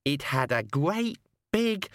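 A man voicing a small, blunt young girl in a high, slow voice. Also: sing-song, a bit bright, no room sound, studio quality, exaggerated voice.

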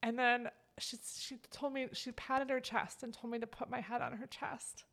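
A woman's voice: on the high side, fairly even intonation, moderate pace, fairly bright tone. A woman co-hosting a podcast, talking in a casual, emotional way and rambling with many fillers. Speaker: podcast co-host. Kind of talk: casual heartfelt chat.

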